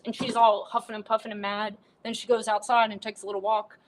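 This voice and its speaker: A woman's voice: on the high side, flat delivery, brisk, hardly any pauses, rough recording. Rambling, casual woman livestreamer. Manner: rambling, filler-heavy, irreverent. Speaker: livestream host.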